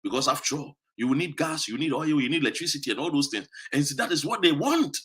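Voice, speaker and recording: A Ghanaian political commentator with a Ghanaian accent delivers an emphatic, accusatory monologue, switching between English and Twi and repeating "what you say?". His voice is a little high, fairly bright, and expressive, and he speaks fast.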